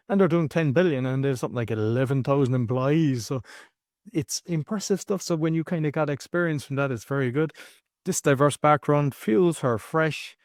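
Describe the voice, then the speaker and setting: A man's voice: mid-range voice, a little mellow, dry recording. An Irish man hosts a podcast in an ordinary mid-range voice, talking loosely and wandering into asides. The recording is dry and close. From Ireland. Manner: informal, rambling asides with fillers. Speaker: podcast host. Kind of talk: casual podcast interview.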